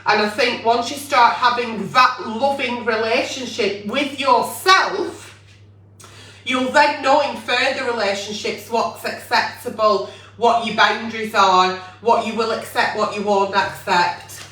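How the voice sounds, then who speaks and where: A blunt woman hosts a late-night advice chat. She swears freely and fires off rhetorical questions in a bright, sharp voice. She sits back from the mic in an echoey room. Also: fairly high pitch, fairly even intonation, measured pace, recorded from a distance. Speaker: advice show host.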